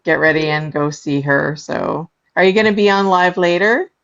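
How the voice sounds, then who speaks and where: A woman talks casually and tells everyday stories in an easygoing way. Her voice sits low and has a gravelly fry. The sound is dull and lo-fi. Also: moderate pace, a bit bright. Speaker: livestream co-host. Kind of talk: casual chat.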